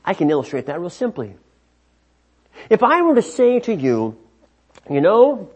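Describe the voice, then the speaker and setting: A man with a fairly high, slightly husky voice teaches scripture at an unhurried pace. He explains in a measured, emphatic way and often restarts his phrases. The recording sounds dull and lo-fi. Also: huge pitch swings. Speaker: Bible teacher.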